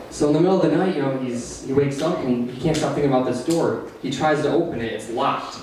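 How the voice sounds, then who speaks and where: A man's voice: medium pitch, fairly even intonation, fast, hardly any pauses, a little mellow. A man with an Upper Midwest American accent doing stand-up at an open mic in a small cafe, rambling through long jokes with nervous laughs. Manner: rambling, self-deprecating joke telling with nervous laughs. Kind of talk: stand-up comedy. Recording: very echoey room, distant mic, faint hiss.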